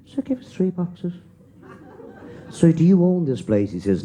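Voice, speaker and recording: A man's voice: a little high, huge pitch swings, dark tone. A man with an Irish accent telling a joke on a live comedy stage, acting out both sides of a pub exchange. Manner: slow, drawn-out telling of a pub joke in dialogue. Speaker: stand-up comedian.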